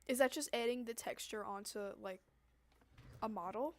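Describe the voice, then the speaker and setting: A woman's voice: mid-range voice, moderate pace. A young woman chatting casually with her viewers while she draws, rambling and laughing, her throat scratchy from coughing. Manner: rambling, laughs often, trails off. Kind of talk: casual chat while drawing.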